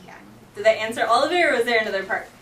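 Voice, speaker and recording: A woman's voice: fairly high pitch, animated, very fast, a crowd in the background. A young woman teaching a sign language class in casual chat, full of "like" and "um", acting out song lyrics as she explains. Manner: chatty, lots of "like" and "um", acts out lyrics. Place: classroom with students. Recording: echoey room, voice from far off.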